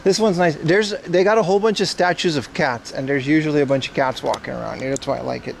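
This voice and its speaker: Walking the streets and visiting a shrine in the heat, a livestream host rambles along with his viewers in casual chat. His voice sits on the high side, gravelly and fast, with a little hiss or hum.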